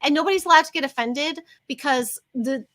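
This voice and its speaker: A woman's voice: high-pitched, brisk, fairly bright tone. A woman co-hosting a casual livestream chat, talking in long, rambling tangents. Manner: chatty, wanders into tangents. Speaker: co-host.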